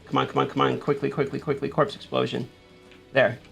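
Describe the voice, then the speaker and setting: Gravelly man narrating his own gameplay. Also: mid-range voice, level tone, fairly quick, fairly bright tone, faint music behind. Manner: talks himself through play, panics and urges himself on. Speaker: gaming YouTuber. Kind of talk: live gameplay commentary.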